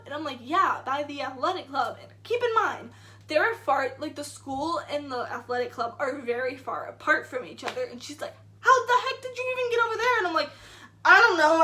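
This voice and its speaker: Young female vlogger, high bright voice, rambling casual storyteller. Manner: rambling, says "like" a lot, acts out quotes.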